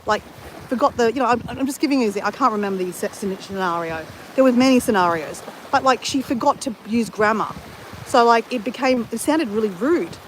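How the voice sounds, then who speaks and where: A woman's voice: fairly high pitch, animated, brisk, slight background noise, rough recording. A woman talking to camera in a casual vlog, blunt and candid, swearing freely. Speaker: travel vlogger.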